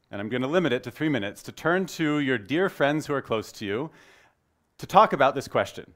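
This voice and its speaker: A man in his thirties giving a conference talk, energetic and joking, opening with a story. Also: fairly high pitch. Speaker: conference speaker.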